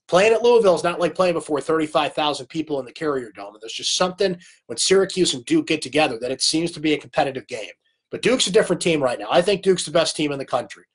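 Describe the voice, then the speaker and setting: A man's voice: on the high side, breathy edge. A man with a cold hosting a live sports recap, talking conversationally and answering viewer comments by name. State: has a cold. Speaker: sports talk host.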